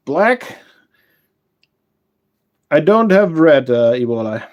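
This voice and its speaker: A man hosting a casual livestream, chatting with viewers and answering their comments, unhurried and full of fillers and self-corrections. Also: fairly high pitch, very animated, creaky, highs cut off. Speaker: ant-keeping channel host and shop owner.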